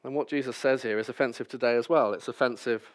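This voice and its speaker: A man's voice: mid-range voice, steady tone, quick pace. A man preaching a sermon, reading scripture passages and then explaining them with wry, self-deprecating asides.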